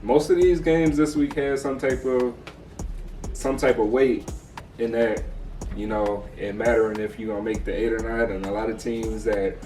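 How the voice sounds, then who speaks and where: A man's voice: lowish voice, fairly even intonation, normal speed, mellow, soft background music. An American man co-hosting a casual sports recap, laid-back and slangy, tossing in "bro" often. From United States. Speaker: podcast co-host. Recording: echoey room, mic far off.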